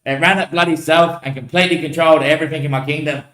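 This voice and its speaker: A man's voice: a little high, steady tone, rapid-fire, fairly bright tone. A man rambling in casual chat, loose and swearing, laughing between lines. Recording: roomy echo.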